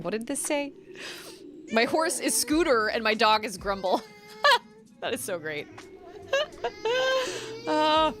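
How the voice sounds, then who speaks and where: A woman in her thirties chatting casually as she streams a video game, chatty and quick to giggle. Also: fairly low pitch. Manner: chatty, giggly, talks to chat. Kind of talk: casual gameplay chat. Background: game music.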